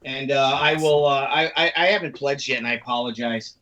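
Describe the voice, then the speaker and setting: A man's voice: medium pitch, steady tone, a little fast, pushed and bright. A man co-hosting a podcast in casual chat, rambling through stories and often acting out the voices of people he quotes. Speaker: podcast co-host. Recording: muffled lo-fi mic from a distance.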